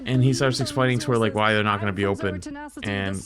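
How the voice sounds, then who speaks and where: A man's voice: on the low side, fairly even intonation, fast, crowd noise. Rambling man telling a casual story. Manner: rambling, full of restarts and casual swearing. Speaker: streamer. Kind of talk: casual storytelling on a live stream.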